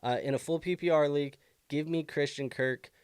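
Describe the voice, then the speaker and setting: A man's voice: on the high side, a little fast, smooth, no room sound, studio quality. A young man hosting a live fantasy football stream, answering viewer questions casually with lots of fillers, bothered by the hiccups. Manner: casual, thinking aloud with many fillers. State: has the hiccups.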